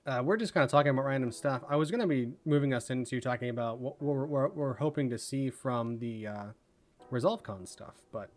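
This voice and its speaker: Guy rambling on his livestream, words slurring together, some faint guitar music behind him. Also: medium pitch. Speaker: livestream host. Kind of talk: casual livestream chat.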